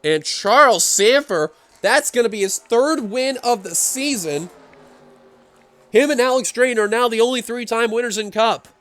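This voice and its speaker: A man doing play-by-play commentary on a simulated stock car race, excitable and running out of breath. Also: very high-pitched, a little slow. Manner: excitable, builds to shouting at the finish. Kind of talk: sim racing play-by-play commentary.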